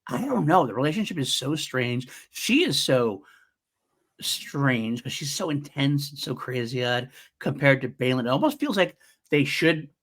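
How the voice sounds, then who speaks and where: A man with a bright, forceful voice talks through a fan podcast review as co-host. He is eager and chatty, and he often laughs while acting out favorite lines. His pitch sits in the usual middle for a man. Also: a little slow. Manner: excited, laughs while quoting scenes.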